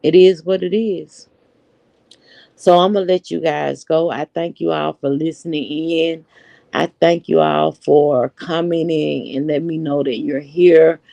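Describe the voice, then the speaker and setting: Woman in her 40s chatting on a live stream, aave, low mellow voice, slow and dry. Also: steady tone, vocal fry, dry recording. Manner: chatty, unhurried, talks straight to viewers. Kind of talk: casual live-stream chat.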